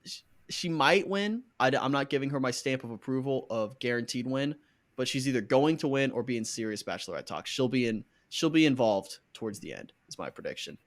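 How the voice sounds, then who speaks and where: A man's voice: mid-range voice, lively intonation, a little fast. A man hosting a podcast in casual chat, joking and rambling with fillers. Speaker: podcast host.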